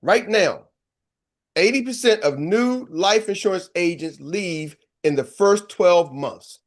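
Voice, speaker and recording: An older man coaching a live seminar, talking in a punchy, energetic way and throwing rhetorical questions to the audience. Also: high voice, slow pace. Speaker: business coach.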